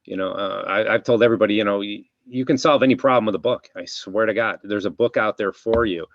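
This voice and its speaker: A man who is both a podcast host and a chiropractor leads a casual interview chat, rambling and reflective, with many restarts. He talks fast in a gravelly voice on the low side. The dry recording has a dull, lo-fi sound.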